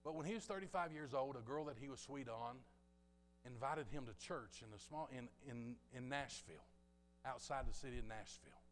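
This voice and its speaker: A man preaching a sermon, telling a story with passion and swinging between loud bursts and hushed asides. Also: mid-range voice, fairly quick. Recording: long reverb of a large hall.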